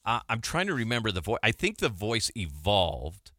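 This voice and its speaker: Male host, former radio sidekick, animated storyteller, crisp dry close sound. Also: lowish voice, moderate pace, no room sound. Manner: animated storytelling, laughs often. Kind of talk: casual chat.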